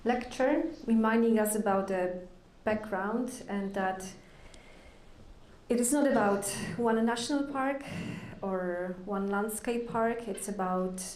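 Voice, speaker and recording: A woman moderates a conference in a slow, halting way, full of ums and uhs. She holds a handheld mic in a conference hall, and the room echoes a lot around her. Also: medium pitch, a little mellow, slight background noise. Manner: halting, with many fillers. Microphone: handheld microphone.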